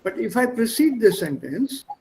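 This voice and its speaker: High-voiced man teaching German. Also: sing-song, normal speed, a little mellow, low-quality recording. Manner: explanatory, mixes English, German and Hindi. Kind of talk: online language lesson. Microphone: video call.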